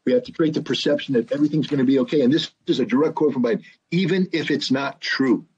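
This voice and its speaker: A man's voice: medium pitch, quick pace, a little mellow, husky, dull audio. A man in his sixties with an American accent, giving emphatic political commentary as an interview guest, repeating phrases for effect. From United States. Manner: emphatic, repeats phrases, acts out quoted speech. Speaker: guest, former weapons inspector and analyst.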